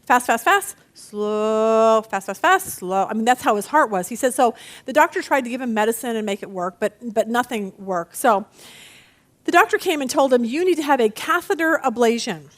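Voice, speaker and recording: A high-voiced woman leads a Bible study lesson. She talks straight to her group in an animated way and gives the quotes she reads their own voices. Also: fairly quick. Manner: animated teaching with dramatic read-aloud voices.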